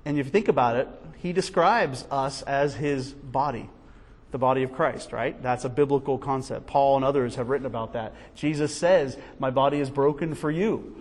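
A man teaching a Bible study class in a conversational, animated way, asking many rhetorical questions. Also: medium pitch, moderate pace, big-room sound.

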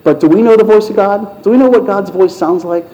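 A man's voice: sits high, fairly quick, warm tone. Man preaching a conversational sermon. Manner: storytelling, conversational. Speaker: pastor. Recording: muffled lo-fi sound.

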